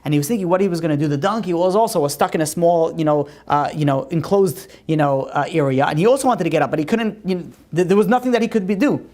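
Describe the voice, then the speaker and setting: A woman teaching a religious class and telling stories in a conversational way. Her pitch rises on emphatic questions. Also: fast talker, few pauses, dark tone.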